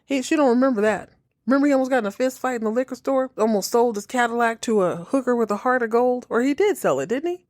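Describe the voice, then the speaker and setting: A woman hosting a podcast, reacting to a TV episode in casual, exasperated commentary, cursing freely and slipping into quick mocking impressions. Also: fairly high pitch, dry recording, studio quality. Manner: animated, exasperated, swears freely, mocks characters in quick impressions. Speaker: podcast host reacting to a TV show.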